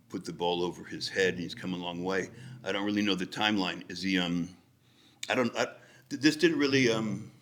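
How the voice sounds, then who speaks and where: A man's voice: sits low, vocal fry, fairly bright tone. An American man hosting a reaction video, musing casually and rambling as he thinks aloud, often restarting his sentences. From United States.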